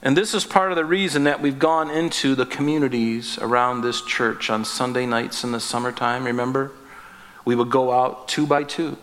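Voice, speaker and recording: A man's voice: mid-range voice, steady tone, normal speed, a bit bright. A man preaching a sermon as pastor, talking conversationally and acting out little dialogues with light humor. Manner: conversational, acts out short dialogues, self-deprecating humor. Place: church sanctuary. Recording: echoey church hall.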